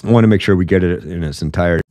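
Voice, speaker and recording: A man's voice: low-pitched, very fast, darkish tone, no room sound, studio quality. A man hosting his own political commentary show, blunt and emphatic, calling it as he sees it between frequent fillers. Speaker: podcast host.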